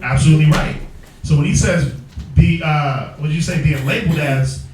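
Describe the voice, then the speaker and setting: A man teaches a Bible class, posing rhetorical questions in a halting way and pausing on fillers. His voice sits slightly high, and he is recorded from afar in a very echoey room with faint noise. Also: darkish tone, distant mic.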